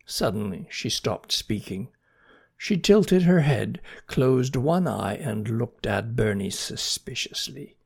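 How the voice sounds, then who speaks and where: A storyteller reading a children's animal story aloud with gentle, expressive narration. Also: medium pitch, takes it slowly, creaky, husky.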